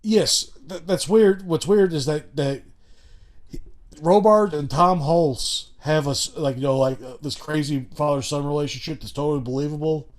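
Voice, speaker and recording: Rambling, profane man from Chicago, fairly high. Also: normal speed. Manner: rambling, profane, full of restarts and asides. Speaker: podcast co-host. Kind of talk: casual chat. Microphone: remote call.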